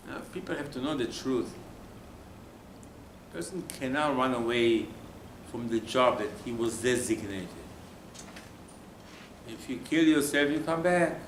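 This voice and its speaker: A man teaching a Torah lesson as a rabbi, retelling the text in a theatrical, animated way. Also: medium pitch, measured pace, pauses often, slight background noise. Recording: echoey room with faint ambience.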